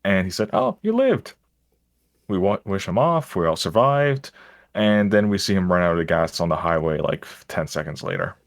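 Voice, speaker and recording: A man's voice: low-pitched, normal speed, vocal fry, no echo, studio quality. A man, a stream guest, telling stories in casual chat, rambling and self-mocking with frequent restarts.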